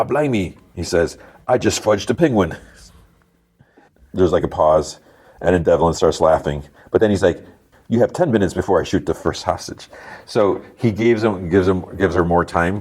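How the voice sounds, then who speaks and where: A man's voice: deep voice, a little mellow. A man hosting a podcast, casually recapping a TV episode scene by scene, rambling with many fillers and restarts. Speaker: podcast host.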